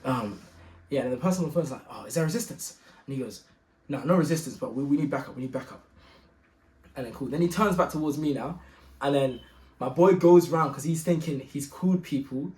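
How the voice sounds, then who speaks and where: A young man telling a story in a slangy, animated way, acting out the other people's voices. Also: fairly quick. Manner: slangy, acts out voices, gets loud and high when excited. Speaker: guest telling his story. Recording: echoey room.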